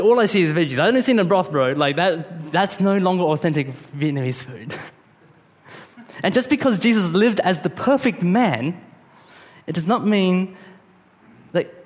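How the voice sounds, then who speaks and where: A man delivers a sermon in a loose, conversational manner, dropping slang and fillers as he talks. His voice sits a little high for a man. The sound rings out with a long reverb, as in a large hall. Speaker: preacher. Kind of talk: casual sermon.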